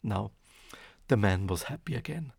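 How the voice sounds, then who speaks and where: Slow gravelly guy reading a fairy tale, husky voice, lively up and down. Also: lowish voice, no room sound, studio quality. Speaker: storyteller. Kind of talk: storybook narration.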